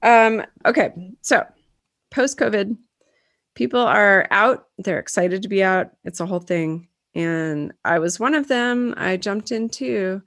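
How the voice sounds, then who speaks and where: A woman's voice: medium pitch, a little slow, fairly bright tone, no echo, studio quality. Chatty woman podcast co-host. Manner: chatty storyteller, talks through a dental retainer. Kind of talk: casual chat and read ad. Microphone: video call.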